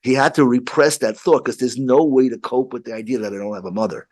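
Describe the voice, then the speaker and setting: A rabbi telling a story in casual chat, halting with frequent restarts. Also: male voice, medium pitch, darkish tone.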